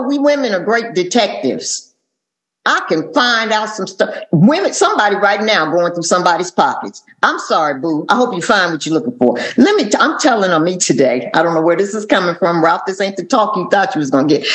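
Sassy woman telling her story. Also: mid-range voice. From Atlanta, Georgia. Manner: animated storytelling with sassy asides and acted quotes. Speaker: recovery meeting speaker. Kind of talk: personal testimony talk.

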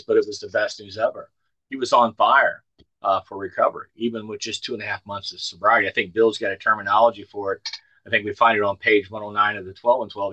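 A man in his sixties from the Ozark Mountains in the United States gives his personal testimony at a recovery meeting over a video call, telling his story in a folksy, plainspoken manner with dry humor. His voice sits slightly low and comes across bright and forceful. The audio is poor but dry and close, with no echo.

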